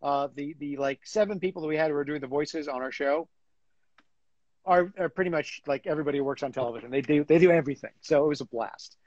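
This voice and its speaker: A man chatting as a guest in an interview, animated and full of fillers and restarts. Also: a little high, quick pace, no echo, highs cut off. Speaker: guest, comic book writer. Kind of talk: casual interview chat.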